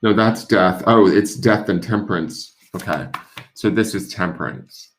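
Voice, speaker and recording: A tarot reader hosts a relaxed unboxing stream of a tarot deck on his channel, playful and joking throughout. His lowish voice runs a bit slow, with slight hiss or hum on the recording.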